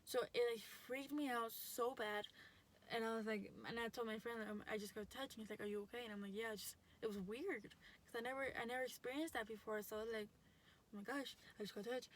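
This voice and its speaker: A woman's voice: a little high, fairly even intonation, fast talker, slight background noise. A young adult woman telling a story in a casual vlog, chatty and full of fillers and restarts. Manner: chatty, lots of likes and restarts. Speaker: vlogger.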